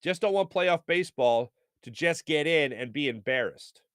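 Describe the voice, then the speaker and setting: A man in his thirties hosts a live sports talk show, reading viewer comments in a playful, animated, jokey way. His voice is on the high side and clean, at a normal speed. The recording is dry and studio quality.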